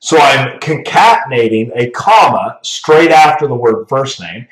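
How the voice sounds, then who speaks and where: A man's voice: medium pitch, expressive, measured pace, recorded from a distance. A man teaching a programming class as a casual walkthrough, talking through each step and often checking in with "right?". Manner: casual, talks through steps, tags "right?". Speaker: programming instructor. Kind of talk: screen-recorded coding lesson. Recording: roomy echo, voice off-mic.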